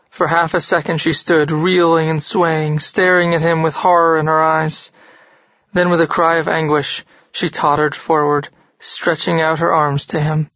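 An audiobook narrator reading a literary novel in a steady, even manner. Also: mid-range voice, no echo, dull audio.

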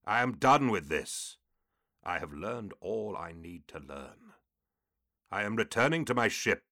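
A man voicing a wounded, weary demigod warrior who speaks strained and breathy, through gritted teeth. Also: on the low side, sing-song, a little slow, sharp tone, full character voice. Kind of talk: audiobook character voice.

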